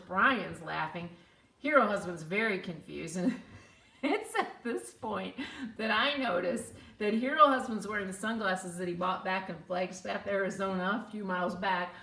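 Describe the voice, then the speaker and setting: A woman's voice: mid-range voice, pushed and bright. A middle-aged woman hosting her own show, telling a casual story and acting out the voices in the dialogue she quotes. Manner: chatty, acts out quoted dialogue. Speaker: host. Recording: roomy echo.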